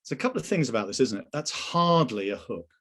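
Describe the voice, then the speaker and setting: Animated man presenting a sales webinar. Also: mid-range voice, fast. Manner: animated, conversational, asks the audience questions. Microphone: video call.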